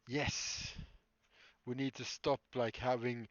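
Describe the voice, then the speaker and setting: A man's voice: mid-range voice, unhurried, dry recording, dull audio. A man streaming live as a prop maker, rambling casually and answering chat with frequent laughs. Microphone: streaming mic.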